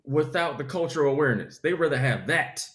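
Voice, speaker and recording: A comedian with a Southern accent, riffing in an animated, preachy way with comic asides during an interview. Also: male voice, on the high side, fairly quick, roomy sound. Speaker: comedian guest. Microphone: video call.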